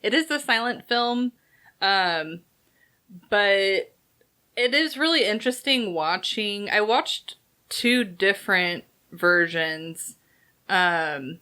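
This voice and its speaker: A woman's voice: mid-range voice, slow, pushed and bright, clean tone. A young woman co-hosting a movie review show in casual chat, playful and giggly with lots of fillers.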